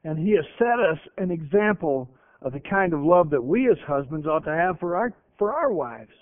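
A man preaching a sermon, emphatic, swinging between loud stresses and hushed lines and slowing down when he quotes scripture. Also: fairly high pitch, animated, dry recording. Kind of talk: radio sermon. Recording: tinny lo-fi radio broadcast.

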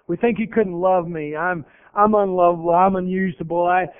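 High-voiced preacher on tinny radio. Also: male voice, fairly even intonation, normal speed, clear, resonant tone. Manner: earnest, emphatic, repeats phrases. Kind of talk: sermon. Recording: tinny phone-like radio broadcast.

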